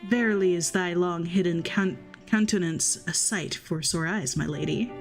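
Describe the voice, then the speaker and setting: A woman's voice: fairly low pitch, normal speed, soft background music, pitched below the performer's own voice, close to an everyday voice. Woman doing a flowery, old-fashioned gallant. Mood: grandiose. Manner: flowery archaic diction, grandiose. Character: theatrical young man speaking old-fashioned verse.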